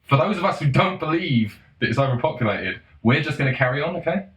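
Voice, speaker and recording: A man in a casual monologue, profane and sarcastic, breaking into mocking shouts. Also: on the high side, animated, fast. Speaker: solo commentator. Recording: roomy echo.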